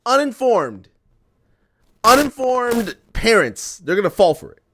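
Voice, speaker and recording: A man's voice: very high-pitched, big pitch swings, unhurried, pushed and bright, slight background noise. A young man streaming and chatting to viewers, ranting in an exasperated way, repeating himself and swearing. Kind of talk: ranting casual chat to viewers.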